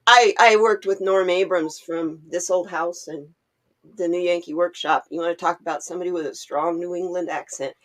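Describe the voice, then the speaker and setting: Animated woman from Oregon, quick to laugh, casual stream guest. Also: lowish voice. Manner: animated storyteller, laughs often. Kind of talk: casual chat.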